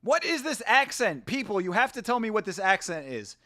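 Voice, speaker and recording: A man chatting casually as he reacts live to a grappling event, excitable and laughing often as he talks to his viewers. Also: sits high, brisk, dry recording, clean studio sound.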